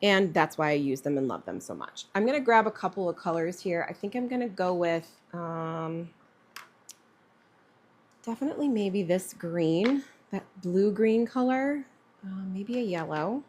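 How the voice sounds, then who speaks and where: Chatty, lower-voiced woman artist. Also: expressive, unhurried, a little mellow. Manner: chatty, thinking aloud with fillers. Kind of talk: live-streamed painting demo.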